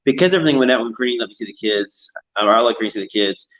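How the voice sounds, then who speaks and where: A man's voice: medium pitch, animated, racing, a bit bright, poor audio. A man talking in a casual chat, rambling and repeating himself.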